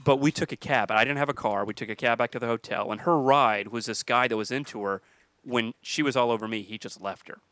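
A man's voice: mid-range voice, fairly quick, fairly bright tone, no echo. A man, a comedian, telling a casual story on a podcast with easy laughs. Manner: laid-back, laughing storyteller.

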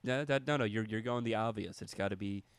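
A man's voice: lowish voice, brisk, clear, resonant tone. A man, a comedian and podcast host, talking casually in a profane, rambling way. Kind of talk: casual chat.

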